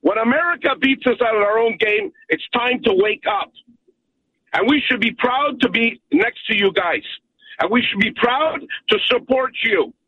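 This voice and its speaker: A man's voice: very high voice, animated, moderate pace, breathy edge. A Montreal-accented Canadian man calling into a radio show, ranting emphatically and punctuating his points with "okay?". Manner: emphatic, repeats "okay?" often. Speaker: caller. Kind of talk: call-in radio rant. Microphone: telephone. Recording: tinny phone line.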